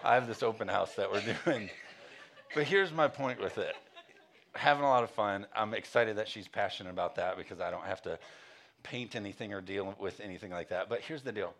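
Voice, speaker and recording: A man's voice: fairly low pitch, a little fast, fairly bright tone. A male pastor preaching a sermon, telling a home story with frequent chuckles and then turning to earnest calls for passion. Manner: casual storytelling, chuckling often; earnest exhortation.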